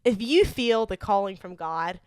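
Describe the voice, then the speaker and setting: A woman's voice: medium pitch, lively intonation, moderate pace, a little mellow, clean tone, dry recording, clean studio sound. A young woman co-hosting a podcast, telling a personal story in casual chat, earnest and full of "like" fillers. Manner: chatty, many "like" fillers, earnest. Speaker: podcast co-host.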